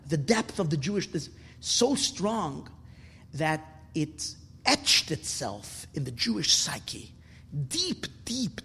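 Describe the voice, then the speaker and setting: A man preaching a passionate sermon as a rabbi, swinging from hushed, soft passages to loud, emphatic bursts and repeating words for stress. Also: sits high, slightly rough. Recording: long reverb of a hall.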